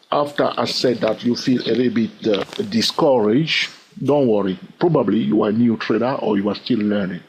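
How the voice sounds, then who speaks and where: A man teaching trading in an animated way. He often fills pauses with "okay" and "all right" and repeats phrases as he thinks aloud. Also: medium pitch, highs cut off, a little hiss or hum. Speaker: trading educator. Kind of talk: instructional talk to camera.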